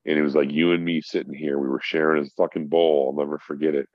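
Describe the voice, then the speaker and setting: A man's voice: a bass voice, level tone, fast talker, no echo. A middle-aged man from Minnesota, a podcast guest telling a heartfelt story in casual chat, swearing freely. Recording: dull, dry lo-fi sound.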